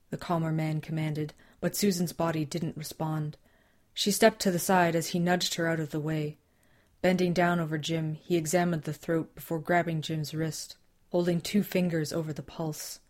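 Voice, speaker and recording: A woman narrating an audiobook in a measured, tense dramatic reading. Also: sits low, a little mellow. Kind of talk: scripted narration.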